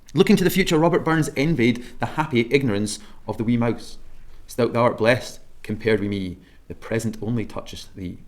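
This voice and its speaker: A Scottish man delivering a sermon in a measured, emphatic way. He slows down to lean on key words. His voice sits in a middling pitch for a man. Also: darkish tone. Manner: measured, emphatic preaching with slowed stresses. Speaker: preacher.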